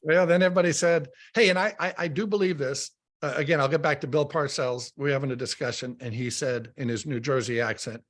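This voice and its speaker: A middle-aged man, a radio football analyst, telling stories in casual sports talk, animated and often repeating words as he starts a thought. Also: a little high, fairly quick.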